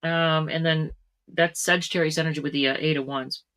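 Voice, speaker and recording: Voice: mid-range voice, steady tone, brisk, fairly bright tone. A tarot reader giving a casual reading to camera, chatty, with frequent laughs and plenty of fillers.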